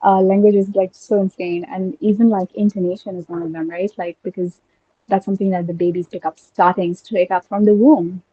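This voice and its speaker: A woman's voice: mid-range voice, little pitch movement, brisk, husky, no room sound, dull audio. A young woman whose first language is Urdu, talking eagerly in casual conversation and thinking aloud with many fillers and restarts. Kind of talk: casual conversation about linguistics.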